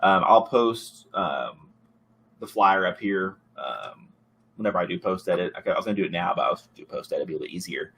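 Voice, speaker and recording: A man hosting a podcast in casual chat, rambling and relaxed with many fillers and restarts. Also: low-pitched, brisk, a little hiss or hum. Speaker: podcast host.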